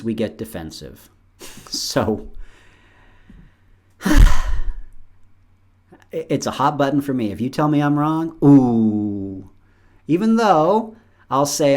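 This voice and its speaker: A middle-aged man hosting his show, talking casually and alone, acting out bits of dialogue with playful voices. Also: medium pitch. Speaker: show host. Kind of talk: casual solo monologue.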